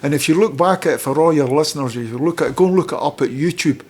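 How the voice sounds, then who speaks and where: A middle-aged Scottish man, a former footballer, telling lively stories in casual chat as a podcast guest and acting out other people's lines. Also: a little high, fast, slightly rough. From Scotland. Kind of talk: casual anecdotal storytelling.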